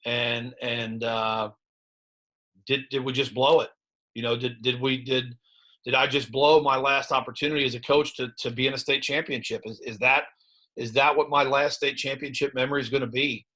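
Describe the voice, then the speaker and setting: Candid, halting Midwestern coach. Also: male voice, medium pitch, level tone, sharp tone. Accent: Midwestern American. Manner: halting, many restarts and fillers, candid. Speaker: high school head football coach. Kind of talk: reflective interview talk.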